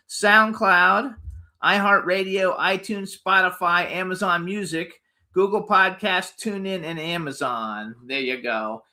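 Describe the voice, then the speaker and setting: A man's voice: high voice, bright, forceful tone. A man hosting a celebrity interview radio show in an upbeat, loose way, with many fillers. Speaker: host.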